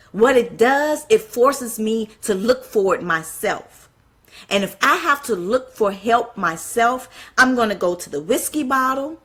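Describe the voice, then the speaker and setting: A woman's voice: fairly high pitch, slightly rough. A woman giving a passionate spoken sermon, firing off rhetorical questions and apologizing when she gets carried away. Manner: fiery, fires off rhetorical questions, apologizes for getting excited. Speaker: speaker at a church event.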